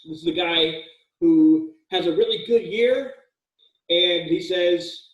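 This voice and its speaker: This male college writing instructor has a high voice and speaks at a slow pace. His lecture is casual and joking, with frequent fillers and restarts, recorded in an echoey room with the mic at a distance.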